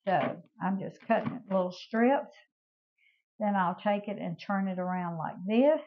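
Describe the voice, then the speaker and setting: This cooking show host is an older woman whose medium-pitched voice carries some vocal fry. She talks her viewers through a casual home cooking demonstration, chatty and homey, calling them "y'all," while the audio lacks its high frequencies.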